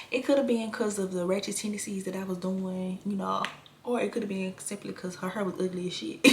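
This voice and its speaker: A young woman telling a storytime vlog, blunt and animated, swearing freely in casual slang. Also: mid-range voice, gravelly, a little hiss or hum.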